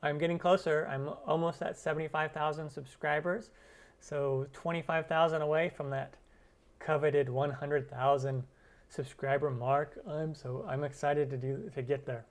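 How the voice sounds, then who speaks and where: Casual male cooking host reading chat, fairly high voice, friendly rambling. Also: steady tone, normal speed. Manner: chatty, rambling, answers viewer comments with many fillers. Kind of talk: live stream Q&A. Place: lives in Arizona.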